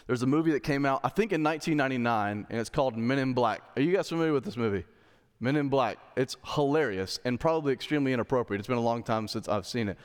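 A male pastor delivers a sermon in a relaxed, conversational way, stopping to read scripture aloud and asking his listeners questions. His voice sits in an ordinary middle pitch. A long reverb trails behind him, as in a church sanctuary. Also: fast talker, clear, resonant tone. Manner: conversational preaching with Bible reading.

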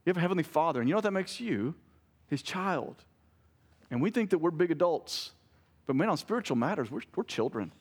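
A man's voice: fairly high pitch, very animated, a little fast, breathy edge. A man in his thirties preaching a sermon as a pastor, conversational, telling family stories and joking with the congregation. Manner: conversational preaching with family anecdotes and self-corrected jokes.

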